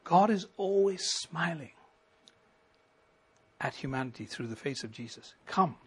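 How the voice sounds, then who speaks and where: A middle-aged pastor delivers a sermon in a husky, slightly breathy voice pitched a little high for a man. He is animated but measured, swelling into ringing emphasis before dropping suddenly to a hushed, intimate tone.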